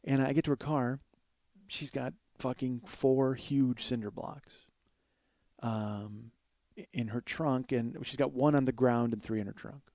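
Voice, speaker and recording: A man in his forties rambles through a comic story on his podcast, swearing freely and getting worked up. His voice is dark and mellow, and it sounds dry and close. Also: medium pitch, unhurried, no room sound. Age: 40s. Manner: profane, exasperated, storytelling with quoted exchanges. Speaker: podcast host.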